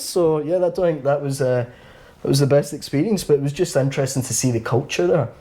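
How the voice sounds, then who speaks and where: Scottish man, young adult, mellow tone, chatty rambling storyteller. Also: fairly high pitch, fast talker. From Scotland. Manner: rambling storytelling, acts out quoted voices. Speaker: guest. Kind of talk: casual interview chat.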